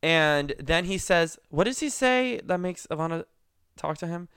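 A young man chats casually on a podcast, his voice sitting a bit high and sounding smooth and clear. He tells a story in a rambling, animated way, full of likes and laughs. The sound is dry and close. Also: a little slow, no echo. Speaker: podcast co-host.

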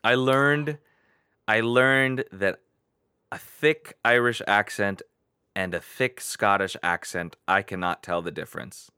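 A young man in a casual film discussion, hesitant and animated as he tells a story. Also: fairly low pitch, slow pace, clean tone, no echo, studio quality.

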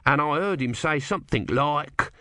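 A man's voice: on the high side, expressive, moderate pace, bright, forceful tone, no echo, clean studio sound. A man voicing a shifty street trader who chats in wheedling sales patter. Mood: chatty.

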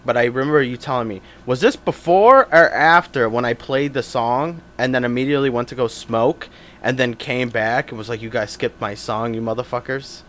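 A man's voice: medium pitch, moderate pace, a bit bright. A young man in his twenties co-hosting a podcast, chatting casually in a laid-back, self-mocking way. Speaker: podcast co-host. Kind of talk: casual chat.

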